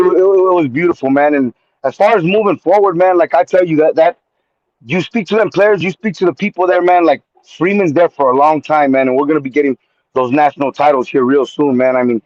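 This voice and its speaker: A man calling in to a live show, telling an excited story in slangy, animated chat and calling the host man and homie. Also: fairly high pitch, brisk, no room sound. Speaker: caller. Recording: muffled phone-line call.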